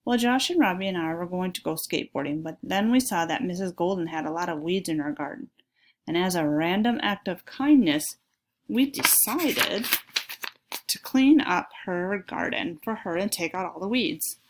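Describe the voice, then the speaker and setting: A woman's voice: fairly low pitch, moderate pace, natural voice. A woman voicing an eager, mischievous young boy in a children's story read aloud. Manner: excited, cheeky.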